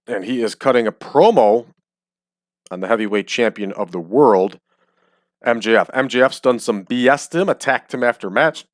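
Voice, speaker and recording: A man's voice: medium pitch, moderate pace, no room sound, clean studio sound. A man giving casual, chatty commentary while he plays a game, joking and using frequent ums. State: hiccups. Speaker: game streamer. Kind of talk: casual let's-play commentary. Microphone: desk microphone.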